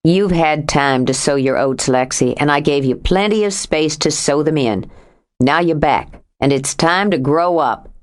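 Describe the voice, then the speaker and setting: A woman narrator voicing a stubborn, jealous young man who speaks low and coaxing. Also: unhurried. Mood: jealous, firm.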